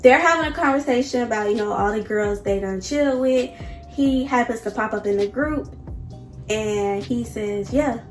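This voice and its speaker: A woman's voice: on the high side, normal speed, reverberant, faint music behind. A young woman vlogger telling a personal love story to her viewers, candid and emotional.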